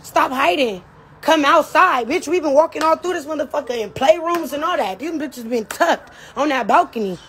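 A woman's voice: high-pitched, normal speed, a bit bright. A woman from a reality show speaking straight to the camera, taunting and trash-talking with heavy swearing and bursts of laughter. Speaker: reality show cast member. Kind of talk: direct-to-camera rant.

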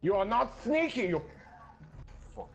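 A man's voice: high-pitched, very animated, unhurried, creaky, lo-fi sound. A man casually joking and laughing while playing a shooting game. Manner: giggly, joking, sarcastic. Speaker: gamer. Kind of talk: casual gaming commentary. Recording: loud battle sounds from the game.

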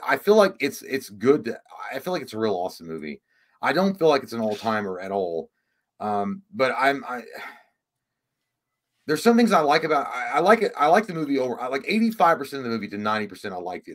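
A man co-hosting a casual livestream, rambling and halting, with frequent restarts as he searches for words. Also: fairly low pitch. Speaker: podcast co-host.

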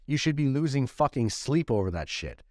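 A man's voice: medium pitch, sing-song, normal speed, a little mellow, dry recording, clean studio sound. A man co-hosting a podcast, giving blunt, profane motivational talk in a casual way. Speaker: podcast co-host.

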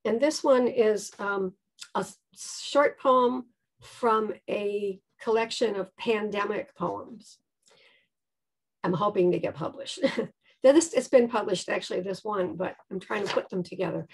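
Slow, measured woman reading poems. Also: medium pitch. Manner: slow, measured delivery with hesitant spoken intros. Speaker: poet reading her own work. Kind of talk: poetry reading with casual asides.

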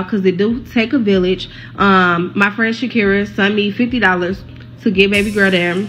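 A young woman vents straight to her followers in a casual vlog. She talks bluntly and heatedly, swearing freely. Her pitch sits in a mid range. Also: a bit bright. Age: 20s. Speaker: social media creator caring for a neighbor's child. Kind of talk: casual direct-to-camera vlog update.

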